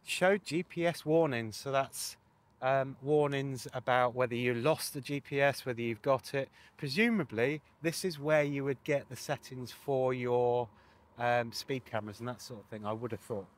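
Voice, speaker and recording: A man's voice: medium pitch, moderate pace. A man presenting a casual walkthrough of a motorcycle sat nav, chatty with wry asides.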